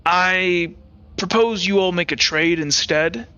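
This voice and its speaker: A man voicing a weary, earnest temporary town sheriff in a tabletop game, speaking haltingly with many pauses. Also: high voice, bright, forceful tone, clear, resonant tone, highs cut off, heavily acted. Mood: persuasive. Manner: hesitant, measured, earnest. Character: weary middle-aged male temporary sheriff. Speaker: game master voicing a character.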